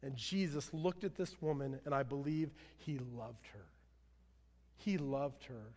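Earnest preaching man in a reverberant hall. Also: measured pace. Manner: earnest preaching, swelling louder then dropping low. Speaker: pastor. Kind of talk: sermon.

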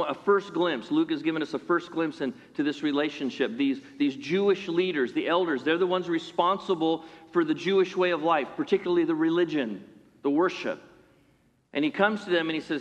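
A man preaching a sermon in an animated way, acting out the voices of the people in his story. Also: a little high. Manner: animated, acts out voices of characters. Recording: long hall reverb.

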